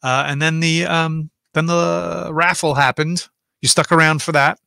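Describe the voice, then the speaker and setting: A man's voice: on the high side, flat delivery, unhurried, creaky, pushed and bright, no echo. Chatty man on a dry close mic. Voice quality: chatty, rambling, reads viewer comments aloud and answers them. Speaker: livestream host answering viewer chat. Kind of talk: casual livestream chat.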